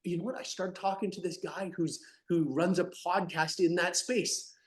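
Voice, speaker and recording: A man talking as a guest in an interview, animated and emphatic, swinging between loud bursts and soft asides. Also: high voice, moderate pace, reverberant. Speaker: podcast guest, company founder. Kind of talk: energetic interview talk.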